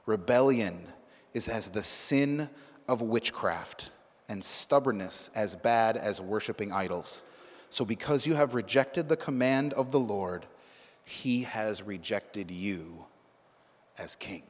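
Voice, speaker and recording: A stern old prophet, as a man reads him out, drops his voice deep and lets each rebuke land slowly. The words trail off into a long reverb, as if spoken in a big hall. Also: lively intonation. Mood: grave. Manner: slow, grave, low pronouncements.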